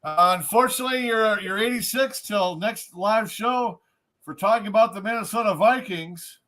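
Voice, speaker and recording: A man with a high voice hosts a live stream over a video call. He jokes loosely with his guests and often trips over his own words. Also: moderate pace, bright, forceful tone. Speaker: host of a live music talk stream. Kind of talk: casual live stream chat.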